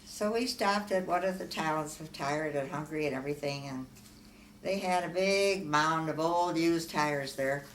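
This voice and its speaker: An older woman from Omaha, Nebraska, unhurriedly recounting her life story in an oral history interview, with frequent fillers and soft laughs. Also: sits low, a little slow. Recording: echoey room, far from mic, faint hiss.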